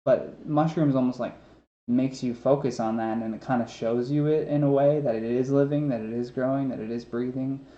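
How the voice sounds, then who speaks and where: Man, twenties, lisping s sounds, rambling casual chat, mellow voice, echoey lo-fi room recording. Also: medium pitch, steady tone, a little fast. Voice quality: trouble with s sounds. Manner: rambling, filler-heavy storytelling. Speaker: podcast guest. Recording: roomy, dull lo-fi sound with faint noise.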